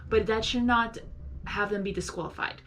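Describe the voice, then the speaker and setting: A woman's voice: on the high side, steady tone, moderate pace, fairly bright tone. A young woman giving casual live reaction commentary, chatty, saying "like" a lot and talking back to the characters. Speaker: reaction video host.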